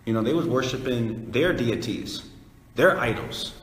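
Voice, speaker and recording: A man's voice: mid-range voice, a little slow. Casual man teaching scripture in a hall. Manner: conversational, animated explaining, prompts reader. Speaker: Bible study teacher. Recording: echoey hall, faint noise.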